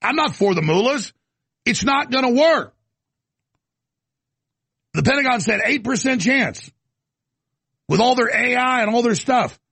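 Gravelly, ranting talk radio man. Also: high-pitched, dry recording. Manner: ranting, swings from shouting to muttered apologies. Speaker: radio talk show host. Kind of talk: heated political radio monologue.

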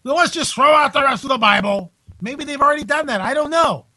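A man hosting a live talk radio show from home, incredulous and animated, restarting his sentences often. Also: very high-pitched, brisk, low-quality recording.

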